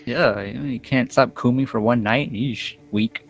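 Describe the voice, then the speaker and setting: A man's voice: mid-range voice, normal speed, creaky, faint music behind. A man teasing his friends in casual chat before a tabletop game. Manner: teasing, mocking banter.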